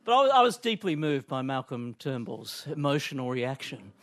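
A man's voice: medium pitch, sing-song, normal speed. A man, a comedy panelist bantering gleefully and laughing as he mocks. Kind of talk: casual comic banter.

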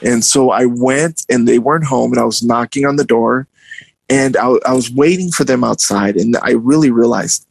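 A young man with a gravelly, slightly husky voice tells a story in a loose, casual way. He turns animated and jumps well up in pitch whenever he acts out the people in it, and the recording is dry and close. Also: normal speed, no room sound, poor audio. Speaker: guest telling a story.

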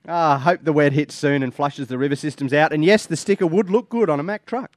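A man's voice: on the high side, brisk, hardly any pauses, dry recording. A man co-hosts a podcast in joking, casual banter, with a wry, teasing delivery and frequent laughs. The recording is dry and close, with no room sound behind him. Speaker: podcast co-host.

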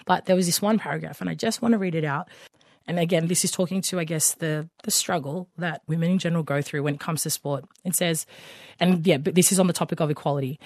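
A woman's voice: low voice, quick pace, a little mellow, dry recording, clean studio sound. A woman, co-hosting a casual radio sports chat, talking with many fillers and restarts. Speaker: co-host.

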